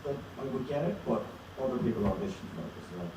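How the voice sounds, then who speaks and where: A man's voice: mid-range voice, expressive, fast talker, mellow. A man, an actor on a convention panel, telling rambling stories with restarts. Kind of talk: casual anecdote telling on stage. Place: large convention auditorium. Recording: echoey hall mic from far off with crowd noise.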